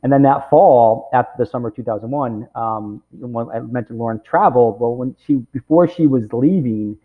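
A camp director in his forties tells a long personal story during an interview, rambling and sprinkling his speech with "you know" and "right?" His mid-range voice moves at a moderate pace, and the audio is tinny, like a phone.

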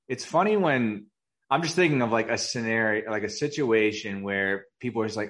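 Low-voiced man chiming in with quips. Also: moderate pace, fairly bright tone. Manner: easygoing, laughs along and adds quips. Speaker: podcast co-host. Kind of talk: casual chat.

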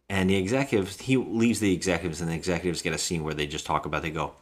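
A man's voice: low-pitched, steady tone, very fast, hardly any pauses. A man co-hosting a movie podcast, retelling scenes in casual chat and acting out characters' lines. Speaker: podcast co-host.

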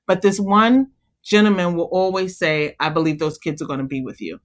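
A woman's voice: fairly low pitch, a little fast. Earnest woman talking about motherhood. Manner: earnest, encouraging, animated when telling stories. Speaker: guest, mother. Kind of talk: conversational interview.

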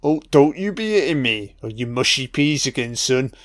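A man's voice: medium pitch, lively intonation, moderate pace, no room sound, clean studio sound, natural voice. A man voicing a mocking male demon, crude and foul-mouthed as he taunts a priest.

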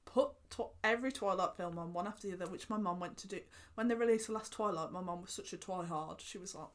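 A young woman, co-hosting a casual podcast chat, animated and laughing, swearing casually. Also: medium pitch, fast talker. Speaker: podcast co-host.

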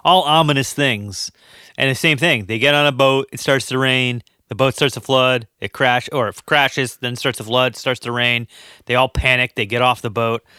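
A man's voice: medium pitch, steady tone, moderate pace, sharp tone, clear, resonant tone, dry recording, studio quality. A man co-hosting a podcast, chatting casually about a horror movie, rambling with stammers and restarts. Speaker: podcast co-host.

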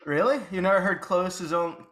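A man cohosting a podcast, teasing his cohost with deadpan jokes in casual chat. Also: high-pitched, a little fast, a little hiss or hum. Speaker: podcast co-host.

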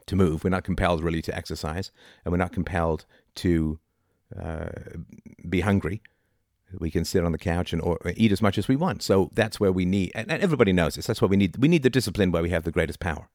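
In an informal philosophy talk, a middle-aged man with a low, deep, slightly mellow voice argues rhetorically at a quick pace, constantly checking in with "right?". The sound is close and dry, with no room echo.

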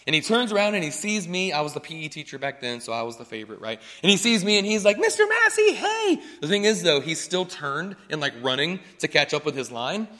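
A pastor delivering a chatty, joking sermon, often checking in with the congregation. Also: male voice, on the high side, expressive, fast, hardly any pauses, pushed and bright, big-room sound. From North Carolina.

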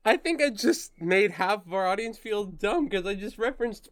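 A man's voice: high voice, lively intonation, normal speed. Filler-heavy man running a tabletop game. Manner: rambling, filler-heavy, self-mocking. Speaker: game master.

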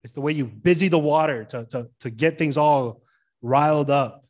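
Middle-aged male pastor, sermon delivery, lively and questioning, voice a bit higher than most men. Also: moderate pace. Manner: lively, asks the church questions, stresses words.

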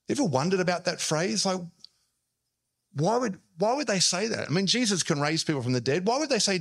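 Telling his story with lively energy, a pastor gives a sermon from the pulpit and changes voices for every quoted line. His high voice is bright, forceful, creaky, and husky, and he speaks fairly quickly.

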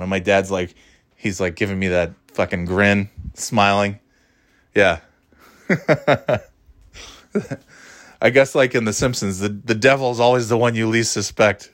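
A man in his thirties hosts a loose, casual podcast chat. His voice sits on the low side. He restarts sentences often, swears freely and laughs at his own story. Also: steady tone, a little slow, long pauses, a bit bright. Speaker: podcast host.

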